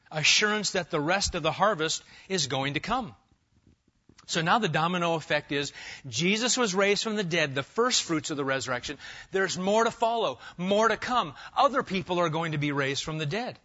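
A middle-aged man preaching an expository sermon, lively and conversational, asking the congregation questions. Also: fairly high pitch, normal speed, highs cut off. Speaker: pastor.

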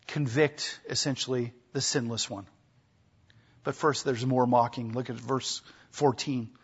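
Husky-voiced man preaching a sermon. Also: medium pitch, dull audio. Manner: emphatic, acts out quoted speech. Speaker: pastor. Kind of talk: expository sermon.

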